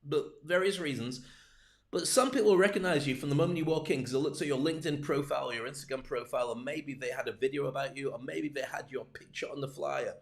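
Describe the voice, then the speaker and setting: A man's voice: medium pitch, fast, vocal fry. A man coaching on public speaking in a livestreamed talk, full of joking, rambling asides.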